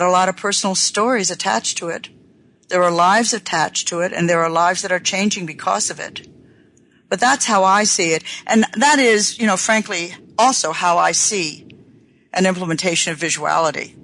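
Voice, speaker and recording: A woman's voice: fairly low pitch, fairly bright tone, poor audio. A woman hosting a radio talk show, speaking earnestly and unhurriedly, stretching words for emphasis. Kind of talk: reflective talk-radio monologue.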